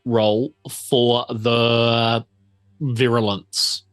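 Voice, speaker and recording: Slow-talking man running the game. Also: medium pitch, little pitch movement, a bit bright, clean tone. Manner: unhurried, drawn-out explanations with fillers. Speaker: game master. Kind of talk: narrating a tabletop game.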